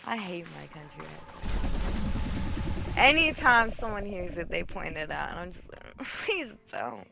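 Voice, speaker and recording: A woman's voice: on the low side, big pitch swings, a little slow, creaky, rough recording. A young woman streamer telling stories in casual chat, candid and swearing freely.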